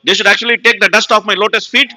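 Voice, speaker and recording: A man's voice: high-pitched, steady tone, very fast, bright, forceful tone, in a large hall, pitched above the performer's own voice, low-quality recording. A man voicing a proud, overeducated man who boasts and complains about being scolded over menial work. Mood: aggrieved. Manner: self-pitying boasting complaint.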